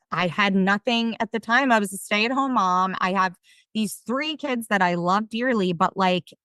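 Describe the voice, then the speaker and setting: A woman in her thirties with a South Jersey accent, a podcast guest telling stories in an animated, self-deprecating way. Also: mid-range voice, clear, resonant tone, no room sound. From South Jersey, USA. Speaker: podcast guest, game show winner. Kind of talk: casual storytelling interview.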